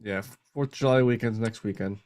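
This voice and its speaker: A man's voice: lowish voice, brisk, darkish tone. A man co-hosting a sports watch-along, laid-back, with brief reactions, laughing along.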